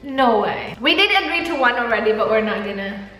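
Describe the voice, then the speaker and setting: Giggly high-voiced woman in echoey room. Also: expressive, a little fast, sharp tone. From Philippines. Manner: giggly, laughs often. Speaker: vlogger. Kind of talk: casual couple Q&A.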